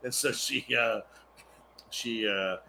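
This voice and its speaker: A man's voice: lowish voice, slow pace, gravelly, bright, forceful tone, slight background noise. A man co-hosting a podcast, crudely retelling a TV episode and acting out the characters' lines. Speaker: podcast co-host. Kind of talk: casual chat recapping a TV episode.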